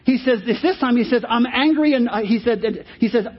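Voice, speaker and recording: High-voiced husky male preacher. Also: fairly even intonation, brisk. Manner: emphatic, repeats key phrases. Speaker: pastor. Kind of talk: sermon. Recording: dull lo-fi sermon recording.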